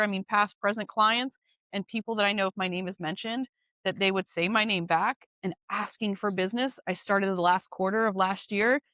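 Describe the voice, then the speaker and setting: Bright, animated woman real estate agent. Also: mid-range voice, dry recording. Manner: animated, chatty, laughs easily; goal-driven, candid. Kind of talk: casual interview chat.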